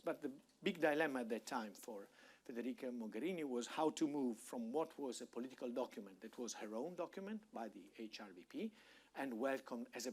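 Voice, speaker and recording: A man giving a public lecture on policy as a guest speaker, measured and thoughtful, with frequent fillers and restarts. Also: medium pitch, slightly rough. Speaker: guest speaker, think-tank director.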